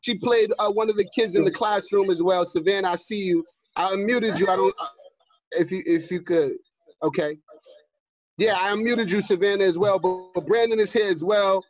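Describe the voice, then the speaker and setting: A man hosting a casual video call reunion, talking in an excited, emotional and rambling way. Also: sits high, moderate pace, no echo, faint music behind. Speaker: host.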